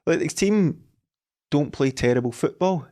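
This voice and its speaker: A man's voice: a little high, expressive, measured pace, dark tone. Scottish male co-host, blunt, opinionated chat. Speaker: podcast co-host. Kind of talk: casual football chat.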